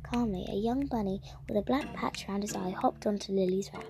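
A woman's voice: mid-range voice, gravelly. A woman reading a story aloud, stumbling and restarting now and then. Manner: halting, with frequent restarts. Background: music.

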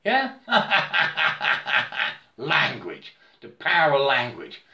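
A man with a fairly high voice talks very slowly in a rambling, spiritual monologue. He stammers, loops back on words and keeps checking in with his listener. The room around him rings with a noticeable echo. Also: expressive, fairly bright tone. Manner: halting and repetitive, stammers and keeps asking "yeah?". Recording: roomy echo.

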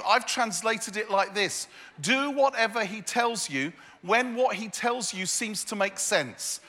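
Male preacher, high bright voice, playful repetitive delivery, big reverberant hall. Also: expressive, slow. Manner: humorous, self-deprecating storytelling with repeated phrases. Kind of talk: sermon. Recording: echoey hall.

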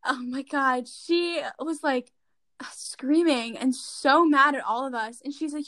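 A teenage girl telling a school lunch story in a chatty, animated way, full of "like". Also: sits high, takes it slowly, no room sound. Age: teens. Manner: chatty, fillers like "like", animated retelling. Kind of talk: casual chat.

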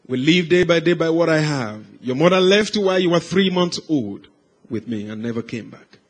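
A man preaching, telling a life story as a sermon, swinging from hushed, slow passages to loud, raised cries. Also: on the high side, lively intonation. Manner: dramatic swings from hushed to shouted.

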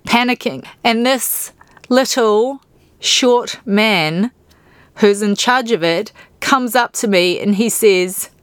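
A woman with a New Zealand accent hosts a personal podcast, recounting her own experiences with candid, animated emotion. Her voice is smooth and clear at a middling pitch. The recording is close and dry, with no room sound. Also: slow pace, no echo. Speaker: podcast host.

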